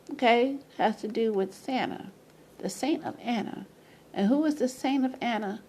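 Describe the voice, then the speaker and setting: A woman with a gravelly, husky, dark voice talks casually to her camera. She rambles, repeats herself and restarts, with loud laughing asides. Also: fairly high pitch. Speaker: video presenter. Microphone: camera mic.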